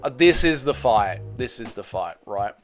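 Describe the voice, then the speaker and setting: A man's voice: mid-range voice, expressive, normal speed, soft background music. A man hosting a live MMA reaction stream, chatting loosely with viewers and swearing freely.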